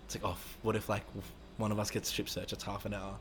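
A young man rattles through a rambling story at a fast clip, acting out the voices of the people he quotes. His voice sits fairly low and his talk is loose and full of swearing. Faint noise sits under the recording. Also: flat delivery. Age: young adult. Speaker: interviewee. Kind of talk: casual storytelling with heavy swearing.

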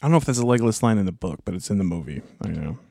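A man co-hosting a casual podcast chat, relaxed and quick to laugh. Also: lowish voice, creaky, no room sound, clean studio sound. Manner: relaxed, laughs often, loose restarts. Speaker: podcast co-host.

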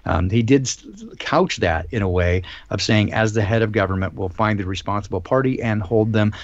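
A man's voice: on the low side, brisk, dry recording, muffled recording. Hesitant man hosting a live chat. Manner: hesitant, many ums and restarts. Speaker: host. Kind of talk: casual live-stream chat.

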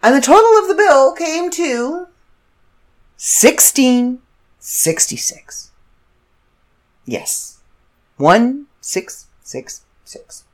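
A middle-aged woman telling a story in casual chat, animated and laughing as she acts out the other people. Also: high-pitched, extremely slow, pauses often. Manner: animated, laughs through her story, quotes others in shifting voices. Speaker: vlogger.

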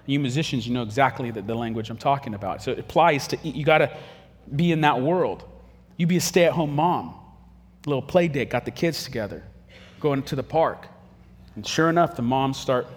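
Husky-voiced pastor preaching in a hall. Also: male voice, medium pitch. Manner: animated storytelling, acting out quick quoted voices. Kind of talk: humorous conversational sermon.

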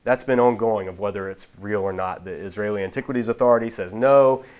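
A man with a fairly low voice gives a casual Bible lesson. He explains things at length and doubles back on his words as he thinks. The delivery is conversational rather than preached. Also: brisk, darkish tone, smooth. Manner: explanatory, with frequent restarts and repeated words. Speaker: Bible teacher. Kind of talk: casual teaching talk.

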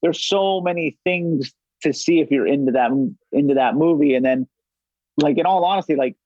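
A man's voice: fairly high pitch, moderate pace, mellow, no echo, muffled recording. A man guesting on a podcast, chatting casually in a laid-back way and chuckling often. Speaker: podcast guest, bar manager. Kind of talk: casual interview chat.

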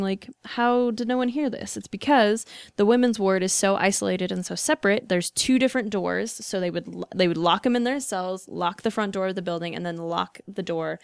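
A woman's voice: lowish voice, vocal fry, clear, resonant tone, no echo, studio quality. A woman hosting a podcast, telling a story in a casual, chatty way with frequent fillers. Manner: chatty, with frequent likes and ums. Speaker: podcast host.

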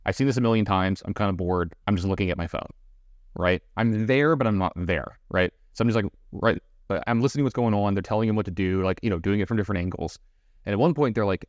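A man's voice: fairly low pitch, no echo, muffled recording. A man co-hosting a podcast, telling a story in a casual chat with lots of fillers and restarts. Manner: fast, animated storytelling with many fillers. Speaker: podcast co-host.

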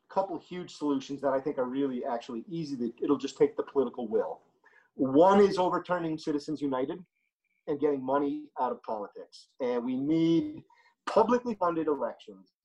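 A man's voice: on the high side, animated, moderate pace, a little mellow, rough recording. Blunt, opinionated man swearing freely. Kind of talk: casual podcast chat.

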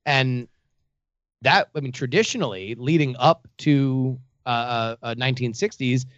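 A man co-hosts a talk radio show, explaining political history in long, halting stretches. The sound is slightly dull and dry. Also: medium pitch, fairly bright tone, dry recording. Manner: explanatory, lots of fillers and restarts. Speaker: radio co-host.

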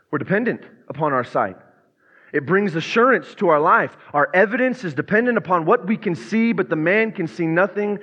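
A man's voice: high voice, animated, quick pace, fairly bright tone. Male pastor, earnest sermon delivery, long reverb, dull muffled sound. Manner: earnest preaching with dramatized quotes. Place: church sanctuary.

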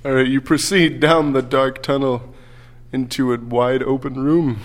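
A man's voice: mid-range voice, little pitch movement, a little slow. A man narrating a tabletop game as game master, casual and laughing, with lots of fillers.

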